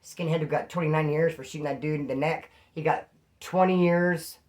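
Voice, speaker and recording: A man's voice: fairly high pitch, steady tone, brisk. A man telling prison stories in a casual, rambling way, full of street slang, stopping often to correct himself. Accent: Californian. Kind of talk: casual storytelling to camera.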